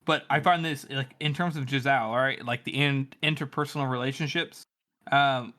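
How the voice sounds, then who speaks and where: Male co-host, medium pitch, loose and rambling, casual book chat. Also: normal speed, sharp tone. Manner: rambling, lots of likes and ums. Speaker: podcast co-host.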